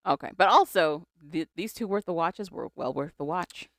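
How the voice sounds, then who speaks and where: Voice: medium pitch, animated, moderate pace, gravelly, fairly bright tone, no room sound, clean studio sound. A podcast co-host in casual pop-culture chat, reading a celebrity statement aloud and adding wry asides.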